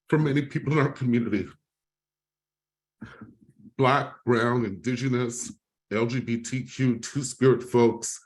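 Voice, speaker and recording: A middle-aged man giving a talk on a video call, telling his own recovery story, close to tears and apologetic at times. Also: mid-range voice. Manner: emotional, tearful at moments, apologetic. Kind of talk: presentation with personal testimony.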